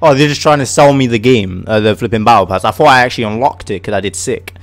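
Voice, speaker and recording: An English man giving excitable casual commentary while playing a game, shouting at his teammate. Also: medium pitch, fast, dry recording, faint music behind. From England. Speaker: gaming video host.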